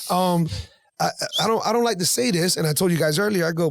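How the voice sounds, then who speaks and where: A man in his forties telling a story on a podcast, animated and acting out both sides of a conversation. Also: sits high, fast, vocal fry, dry recording. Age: 40s. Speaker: podcast guest. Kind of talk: casual storytelling.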